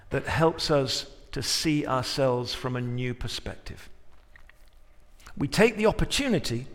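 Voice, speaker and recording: A male pastor preaching a sermon, moving from quiet reflection to loud, emphatic peaks. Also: a little high, long reverb tail.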